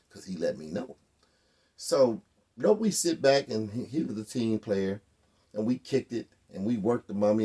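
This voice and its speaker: Husky-voiced man telling a story. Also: on the low side, dark tone. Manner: conversational, profane, wry. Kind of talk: casual spoken storytelling.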